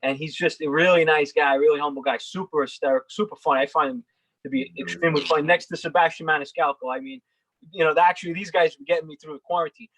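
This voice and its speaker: A man chats on a panel in quick, rambling runs, restarting his sentences. His voice sits a little high, and the sound is dry. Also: fairly even intonation, fairly bright tone, no room sound, low-quality recording. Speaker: panel guest. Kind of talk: casual panel chat.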